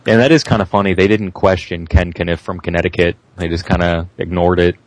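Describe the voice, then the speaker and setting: A young man making a prank phone call, speaking deadpan while posing as a doctor and a corporate officer. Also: low-pitched, a little fast, slight background noise. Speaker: prank caller.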